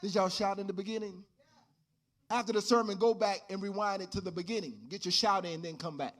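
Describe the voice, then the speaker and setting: High-voiced pastor preaching a lively sermon. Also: male voice, a little fast. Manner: animated, rising to shouts. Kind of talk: sermon with storytelling.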